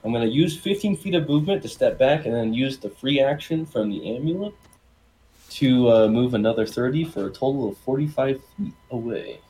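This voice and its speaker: A man playing a tabletop game, talking casually with brash, profane, excited bursts. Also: medium pitch, brisk, slight background noise, low-quality recording. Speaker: player.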